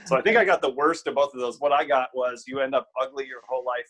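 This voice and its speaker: A man's voice: medium pitch, fast, a bit bright, slightly rough, poor audio. A middle-aged man from Wisconsin, a guest on a casual podcast interview, who talks emphatically, repeats key phrases and jokes at his own expense. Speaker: guest speaker and author.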